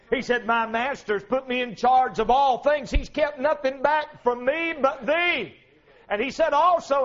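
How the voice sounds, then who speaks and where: A man's voice: very high voice, a bit bright, dull audio. A man preaching a fervent revival sermon, rhythmic and punctuated with calls of amen, as a traveling preacher.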